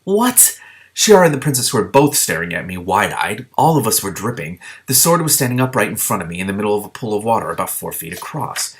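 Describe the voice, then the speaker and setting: A man reading a novel aloud with his own asides, steady, with small slips that he corrects. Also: fairly low pitch, quick pace, hardly any pauses. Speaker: book reader.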